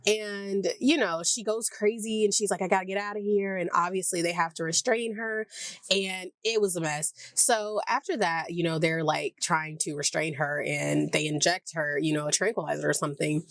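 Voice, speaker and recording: A woman's voice: fairly low pitch, fairly even intonation, moderate pace, a bit bright, no echo. Chatty Southern woman recapping a show. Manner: rambling, chatty, heavy use of "like", acts out characters' lines. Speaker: TV review vlogger. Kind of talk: casual episode recap.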